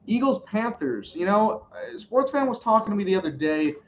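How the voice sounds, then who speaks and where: A man hosting a casual live stream, reacting to a football game and calling plays in an excitable, rambling way. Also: brisk, reverberant, highs cut off, slight background noise. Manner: excitable, rambling, pitch jumps on big plays. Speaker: sports live-stream host.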